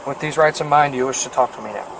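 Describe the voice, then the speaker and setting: A male deputy questioning a suspect in a calm, procedural way. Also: mid-range voice, racing, recorded from a distance, background noise. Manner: calm, procedural, reads rights. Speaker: sheriff's deputy. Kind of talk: police interview questioning.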